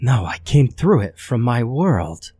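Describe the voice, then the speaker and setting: A man's voice: medium pitch, very animated, slow, dark tone, slightly rough, no room sound, pitched above the performer's own voice, full character voice. A man voicing a tiny, frail female creature from another world, speaking in a shaky, weak voice.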